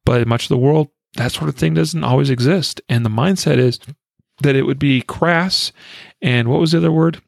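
A man's voice: medium pitch, normal speed, vocal fry, no room sound, clean studio sound. An American man hosting a podcast, reading news quotes aloud and commenting, with frequent fillers and restarts. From United States. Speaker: podcast host.

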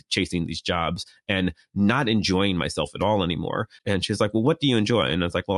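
A man's voice: lowish voice, fairly bright tone, no room sound, studio quality. A man in his thirties co-hosting a podcast, casually telling a rambling, self-deprecating story and acting out the dialogue. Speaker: podcast co-host.

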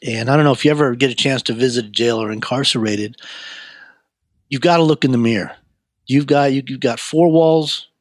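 Man, mid-range voice, earnest storyteller, halting repeats, dry booth-like sound. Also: medium pitch, no room sound. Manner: earnest, frequent stammered repeats. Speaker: guest sharing his life story. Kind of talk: personal testimony storytelling.

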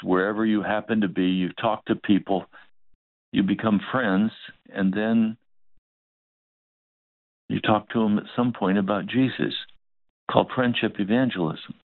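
Gravelly-voiced male pastor telling a story. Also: sits low, dry recording. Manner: tells a story acting out both sides of a dialogue. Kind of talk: sermon storytelling. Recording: dry, phone-like narrow sound.

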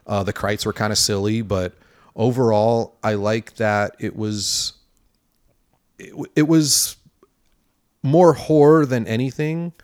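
A man with a somewhat low voice co-hosts a casual movie podcast. He rambles and hedges, piling up fillers as he works toward a point. The sound is dry and close. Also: slow pace, long pauses, darkish tone, smooth, no room sound. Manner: rambling, hedging with many fillers. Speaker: podcast co-host. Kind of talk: casual movie review chat.

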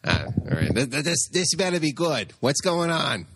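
A brash, hard-drinking Brooklyn tough guy, gruff and a little slurred, as a podcast host puts him on. The voice sits higher than a plain speaking voice. The sound is close and dry. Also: big pitch swings, normal speed, a bit bright, dry recording. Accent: Brooklyn, put on. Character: boozy male comic-book bully, adult, brash.

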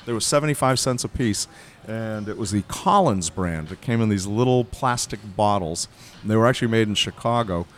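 Animated lower-voiced man telling stories. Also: brisk, a little hiss or hum. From Massachusetts. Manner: animated storyteller, acts out voices in quotes. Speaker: bar consultant and guest. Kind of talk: casual storytelling chat.

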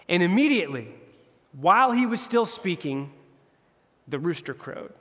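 A campus pastor with a medium-pitched, fairly bright voice preaches a casual, conversational sermon at a quick, animated pace, retelling scripture in slang and briefly voicing the characters. There's hall reverb.

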